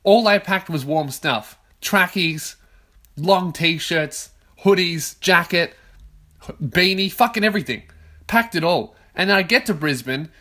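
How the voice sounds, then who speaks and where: A man in his twenties with an Australian accent hosts a solo podcast from his own bedroom. His voice sits a bit higher than most men's, and he swears constantly. He rants in loud, fired-up bursts. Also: lively intonation, measured pace. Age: 20s. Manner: profane, ranting, loud outbursts. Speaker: podcast host. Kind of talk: casual solo podcast rant.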